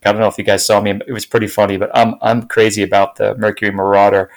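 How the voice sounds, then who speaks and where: Middle-aged guy, easygoing car podcast chat, excited rambling stories. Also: lowish voice, quick pace, low-quality recording. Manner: enthusiastic storytelling, many fillers. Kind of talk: casual chat.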